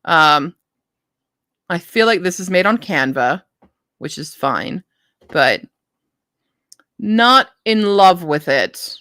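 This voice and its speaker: A woman's voice: fairly low pitch, expressive, slow pace, long pauses, sharp tone, no room sound, studio quality. A woman hosting a live book stream, chatting casually and thinking aloud as she reads blurbs, often restarting her sentences. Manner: self-interrupting, frequent restarts.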